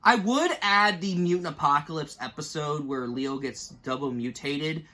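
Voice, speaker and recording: A man's voice: a little high, moderate pace, sharp tone. A man in his twenties talking through a ranked list in a casual vlog, rambling and emotional, fighting back tears now and then. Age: 20s. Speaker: YouTuber ranking cartoon moments.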